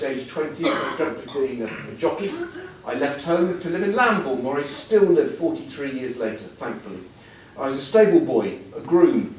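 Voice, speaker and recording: A man's voice: on the high side, a little mellow. Older guy in his 60s doing a funny self-deprecating speech, big echoey room, faint hum behind. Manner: self-deprecating, humorous storytelling. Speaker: guest speaker. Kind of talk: anecdotal after-dinner talk. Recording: echoey hall, mic at a distance.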